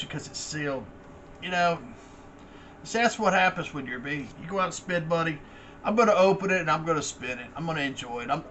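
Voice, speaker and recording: Casual male vlogger with a high voice, rambling and swearing freely. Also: fairly bright tone, dull audio, a little hiss or hum.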